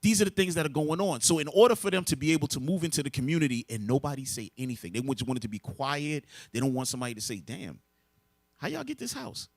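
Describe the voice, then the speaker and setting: A man's voice: medium pitch, rapid-fire, hardly any pauses, no echo. Emphatic New man preaching. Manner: emphatic, asks rhetorical questions and answers them. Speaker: religious teacher. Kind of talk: preaching lesson to a group.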